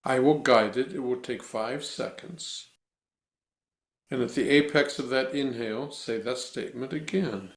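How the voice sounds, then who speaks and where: A man working as a voice coach, guiding a breathing exercise with slow, deliberate, instructive cues and then answering interview questions. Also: mid-range voice, roomy sound.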